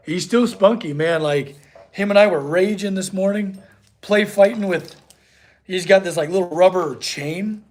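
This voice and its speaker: A man's voice: sits high, a little slow, a little mellow. A young man, a blacksmith in his home shop, chatting casually on a live stream and reading chat aloud. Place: home workshop.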